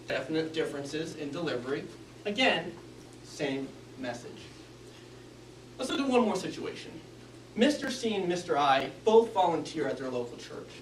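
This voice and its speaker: A man's voice: on the high side, a little hiss or hum. A man giving a prepared club speech on speaking skills, with varied inflection and an instructive manner. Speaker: Toastmasters speaker. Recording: echoey room, mic from a distance.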